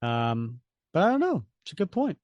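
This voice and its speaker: A man co-hosting a podcast, recapping a comic and chatting casually, animated and often hedging. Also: on the high side, normal speed, no echo, lo-fi sound. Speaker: podcast co-host.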